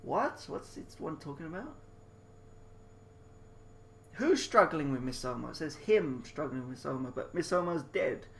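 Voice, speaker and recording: A man's voice: on the high side, very animated, normal speed, vocal fry, long pauses, slight background noise. A man reading a mystery game aloud with crude, confused, mocking asides. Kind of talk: casual game commentary.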